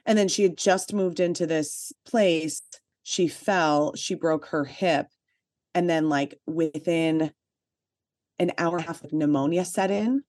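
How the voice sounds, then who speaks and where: A woman with a fairly low voice shares a personal story as a podcast co-host. Her talk is chatty and full of "like" fillers, with emphatic asides. The sound is dry and close, with no room echo. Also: a little slow, a little mellow. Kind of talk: casual chat, personal storytelling.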